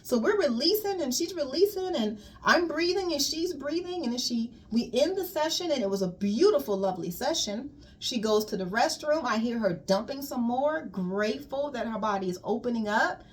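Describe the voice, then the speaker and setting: A woman's voice: high voice, animated, moderate pace, few pauses, slightly rough. A woman colon hydrotherapist giving a casual spiritual wellness talk, emphatic and repetitive, calling listeners "queen.".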